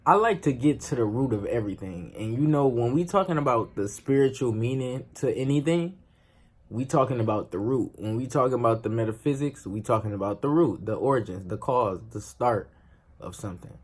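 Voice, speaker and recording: A man's voice: medium pitch, a little fast. A young man vlogging to camera in a loose, slangy, emphatic way, swearing freely. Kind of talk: casual talk to camera.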